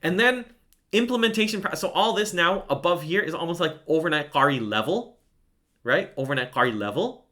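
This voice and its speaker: A man's voice: a little high, expressive, brisk, pushed and bright. A man teaching Quran recitation in an online lesson, explaining casually and enthusiastically, often checking in with "right?" and breaking into melodic chanting to demonstrate.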